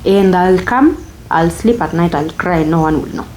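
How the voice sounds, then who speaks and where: Kenyan woman with a low, mellow voice. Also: moderate pace, a little hiss or hum. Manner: candid, reflective, switches into Swahili phrases mid-sentence. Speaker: interview guest. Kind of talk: personal storytelling in an interview.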